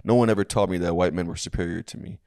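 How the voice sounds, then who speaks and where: Low gravelly man in casual chat. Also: fairly even intonation, racing, mellow, no echo, studio quality. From family from a third world country. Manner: laid-back, crude, many fillers and restarts. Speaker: podcast co-host. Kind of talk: casual comedy podcast chat.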